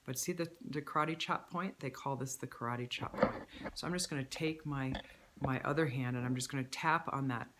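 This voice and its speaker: A woman's voice: very deep voice, moderate pace, very noisy. Woman coach, self-filmed, soothing affirmation-style teacher. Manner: calm, repetitive, speaks affirmations while tapping. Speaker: stress management coach. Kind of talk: self-help tutorial with spoken affirmations. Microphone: handheld camera at arm's length.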